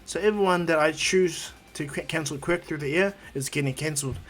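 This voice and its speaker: A man's voice: on the high side, fairly quick, fairly bright tone. Young male hero, voiced by a man in his own voice, earnest and rambling. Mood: explaining.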